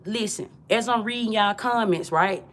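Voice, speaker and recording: A woman from Georgia, USA, speaks in a mid-range, slightly bright voice at a moderate pace. She delivers a preachy, repetitive livestream monologue in profane street talk, calling her viewers family.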